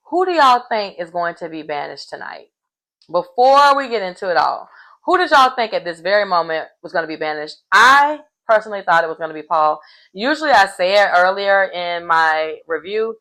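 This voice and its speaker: A woman giving a casual, animated episode recap of a reality show and acting out the people she quotes. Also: on the low side, moderate pace, low-quality recording. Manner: animated storytelling, acts out quotes.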